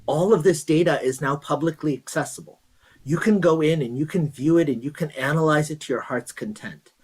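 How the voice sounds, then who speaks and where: A man's voice: on the high side, a little fast, darkish tone, slightly rough, poor audio. A man giving an astronomy talk, explaining meteors in a conversational way and then retelling a folk legend. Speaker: guest speaker at an astronomy event. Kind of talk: presentation with storytelling.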